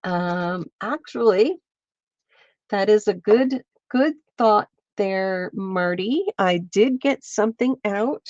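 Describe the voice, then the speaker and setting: Woman host thinking aloud through a stitching demo on a stream, slow and easygoing, close dry lo-fi mic. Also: mid-range voice, darkish tone, no echo. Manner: chatty, thinks aloud, greets viewers by name. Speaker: craft show host. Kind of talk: casual livestream stitching demo. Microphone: streaming setup mic.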